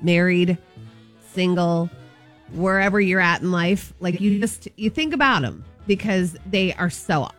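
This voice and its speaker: A woman's voice: fairly low pitch, measured pace, soft background music. A woman co-hosting a morning radio show, chatting enthusiastically and gushing in banter.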